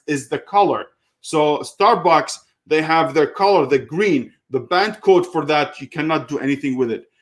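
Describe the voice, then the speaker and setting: A man talking casually through a step-by-step online seller tutorial, with frequent fillers and a heated edge. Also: on the high side. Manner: casual, many fillers, gets heated retelling a call. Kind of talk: screen-share tutorial with live Q&A.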